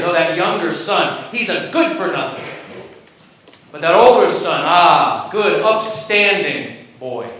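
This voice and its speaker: Male pastor, slow storytelling sermon, high bright voice, echoey sanctuary. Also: recorded from a distance. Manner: storytelling, dramatic asides. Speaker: preacher.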